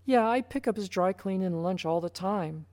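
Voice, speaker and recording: A woman's voice: mid-range voice, moderate pace, a little mellow, no room sound, close to an everyday voice. A woman voicing an agreeable young female office assistant in a story she narrates. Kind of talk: first-person story narration.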